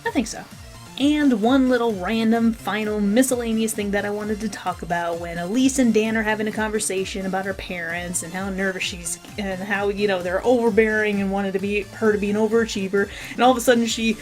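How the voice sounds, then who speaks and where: A woman's voice: medium pitch, fairly even intonation, a little fast, faint music behind. A woman giving a casual spoken review of a cartoon episode, rambling and frankly opinionated.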